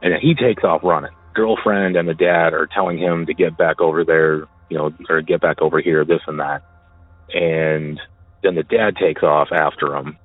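A very low-voiced man recounts a story in a casual, halting way, stumbling and repeating words. He is heard through a tinny, phone-like line with a dry sound. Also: steady tone, no echo, faint music behind. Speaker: caller sharing a personal story.

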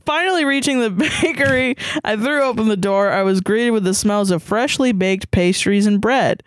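A woman's voice: mid-range voice, moderate pace, dry recording. A woman co-host reads a fanfiction story aloud in a casual, playful way, breaking off for little asides. Her voice sits in a middle register, and the recording is close and dry with no room sound. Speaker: podcast co-host.

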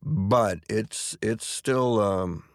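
A middle-aged man, a stage actor, talking in a relaxed, anecdotal way in an interview, often restarting and repeating words. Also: fairly low pitch, extremely slow, creaky, no echo, clean studio sound. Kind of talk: conversational interview.

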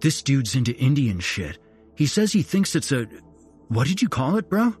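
A man voicing a crude, foul-mouthed young man with slangy, profane talk, pitched well above his usual voice. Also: very animated, normal speed, a little mellow, slightly rough, soft background music. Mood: urgent.

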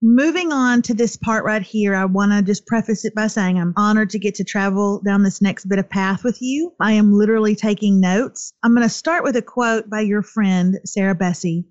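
A woman's voice: mid-range voice, moderate pace, hardly any pauses, no room sound, muffled recording. A woman hosting an interview, responding appreciatively and quoting from the guest's book. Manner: warmly appreciative, reads quotes aloud from a book. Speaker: host.

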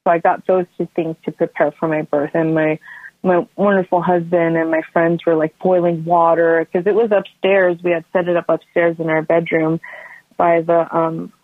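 A woman's voice: on the low side, flat delivery, moderate pace, no echo. A woman telling a personal story as an interview guest, rambling with frequent restarts and filler words. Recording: tinny phone line, dry.

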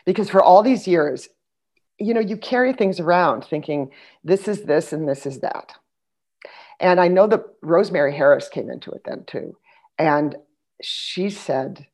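A middle-aged woman with a low, deep speaking voice tells stories in a relaxed conversation. She gets animated and acts out the people she quotes, then drops into quiet asides. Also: measured pace. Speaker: podcast guest, actress. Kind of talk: casual conversational storytelling.

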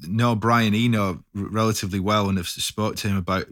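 A man's voice: lowish voice, steady tone, a little fast, fairly bright tone, dry recording, studio quality. A man hosting a casual interview, laughing along and often restarting phrases. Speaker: host. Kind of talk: casual chat.

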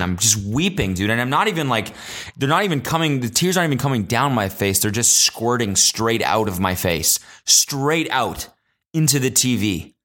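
A young man hosting a casual solo podcast, telling animated stories with lots of swearing and high-pitched acted-out quotes. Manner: animated storyteller, swears a lot, jumps high in pitch when acting out quotes. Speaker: podcast host.

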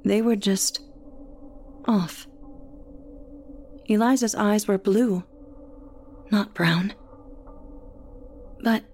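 A woman narrates a first-person story in a quiet, reflective manner. She reads slowly, in a mellow, soft-edged voice at a middle pitch. A faint hum runs under the recording.

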